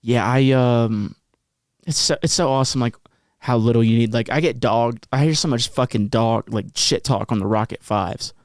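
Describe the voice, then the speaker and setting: A man's voice: mid-range voice, moderate pace, dry recording, studio quality. A man hosting a podcast in a laid-back, swear-heavy way with a light Louisiana accent, laughing often. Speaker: podcast host. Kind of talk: casual chat.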